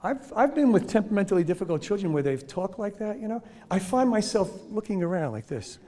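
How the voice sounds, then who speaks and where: A man's voice: high voice, sing-song, quick pace, few pauses, warm tone, some chatter behind. A man giving a humorous lecture to teachers on children's behavior, joking, laughing often and acting out examples.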